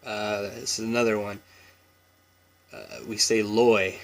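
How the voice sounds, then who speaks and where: A man's voice: fairly low pitch, slow, long pauses. A man in his thirties from Washington State with a Washington State accent, talking casually through an accent tag with lots of ums and small laughs. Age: 30s. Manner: relaxed and rambling, many ums and chuckles.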